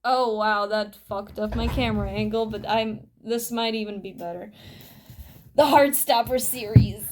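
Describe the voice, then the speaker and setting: A woman's voice: medium pitch, fairly even intonation, measured pace, a little hiss or hum. A woman talking casually to her camera at home, chatty and rambling, swearing freely as she shows off her books. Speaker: vlogger. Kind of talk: casual show-and-tell vlog.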